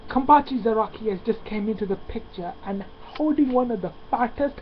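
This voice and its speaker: A man giving a casual spoken review. He talks excitedly and often stops on "uh" and "um" mid-sentence. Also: sits high. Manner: excitable, halting with many fillers. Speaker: manga reviewer. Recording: lo-fi with steady background noise.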